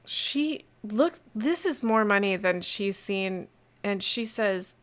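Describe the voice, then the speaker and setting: A woman game master narrating a tabletop game in a lively, rambling way with many fillers. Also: medium pitch, slow pace.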